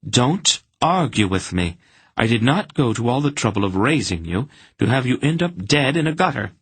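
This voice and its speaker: A man voicing a sharp, protective aunt who snaps and scolds. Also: medium pitch, very animated, normal speed, slightly rough, dry recording, voice pushed up. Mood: scolding. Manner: snappish, acid.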